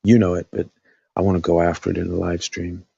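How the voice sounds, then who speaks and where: A man's voice: low-pitched, level tone, fast, creaky, warm tone, husky, no room sound, dull audio. A man hosting a casual live stream, thinking aloud with lots of fillers, his voice dry after talking all night.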